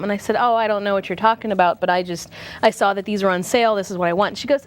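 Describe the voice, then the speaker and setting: A woman co-host telling an anecdote in casual studio chat, animated and acting out the people she quotes. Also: medium pitch, fast. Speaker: co-host, teacher.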